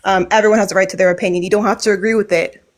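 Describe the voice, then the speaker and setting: A woman in a heated livestream chat, talking forcefully and swearing. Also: medium pitch, fairly even intonation, very fast.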